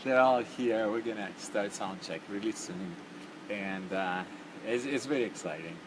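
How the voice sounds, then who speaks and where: His voice lowish and his pace measured, a middle-aged bandleader says hello to his band onstage ahead of sound check. The backstage video chat is casual and full of his laughter, with loud stage noise behind it.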